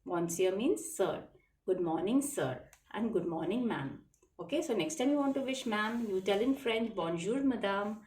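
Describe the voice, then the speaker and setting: A woman's voice: mid-range voice, lively intonation, normal speed, darkish tone. A woman teaching a children's French lesson, patiently repeating phrases and spelling words out letter by letter. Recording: echoey room, faint background noise.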